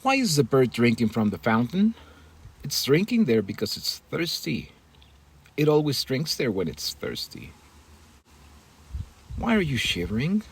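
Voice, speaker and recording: A man's voice: mid-range voice, wildly swooping pitch, a little slow, long pauses, husky. A man teaching English in a bilingual lesson, reading example dialogues and translating them into Spanish.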